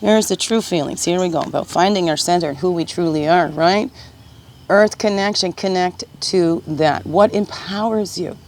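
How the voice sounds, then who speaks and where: A woman talks through a spiritual card reading in a casual, gentle way, often tagging her thoughts with a soft "right?". Her voice sits a little low. A faint hiss runs under the recording. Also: moderate pace.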